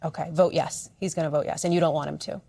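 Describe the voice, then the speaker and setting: Fast-talking woman news anchor. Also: low-pitched, level tone, creaky, warm tone, no echo, studio quality. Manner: conversational, prompting questions. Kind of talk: live news interview.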